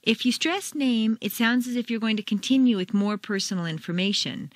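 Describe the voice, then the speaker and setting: A woman with an American accent reading an intonation lesson from a script, exaggerating her pitch to demonstrate. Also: a little fast, hardly any pauses, no room sound. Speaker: accent training instructor.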